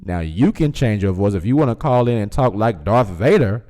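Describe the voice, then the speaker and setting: A man's voice: fairly low pitch, lively intonation, moderate pace, warm tone. A man hosting a casual livestream, reading chat comments aloud, teasing viewers and laughing often.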